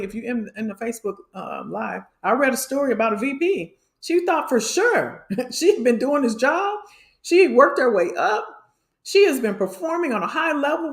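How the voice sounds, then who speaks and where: A woman's voice: fairly high pitch, roomy sound. Passionate woman career coach on livestream. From Illinois. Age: middle-aged. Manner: passionate, preachy, addresses the audience as y'all. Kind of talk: livestream talk to viewers.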